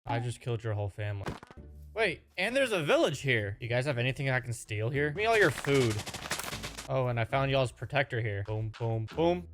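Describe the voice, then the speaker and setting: A young man giving jokey, excitable commentary over his own game footage, with quick exclamations. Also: medium pitch, noisy background. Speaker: gaming YouTuber. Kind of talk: Minecraft gameplay commentary. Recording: voice-over with music behind.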